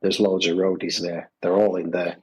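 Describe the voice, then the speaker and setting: A man's voice: deep voice, level tone, normal speed, breathy edge, rough recording. A man telling stories in a loose, rambling podcast chat, full of fillers and restarts. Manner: rambling, lots of fillers and repeated phrases. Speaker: podcast guest, gravel shop owner. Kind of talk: casual conversational storytelling. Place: Adelaide Hills, South Australia.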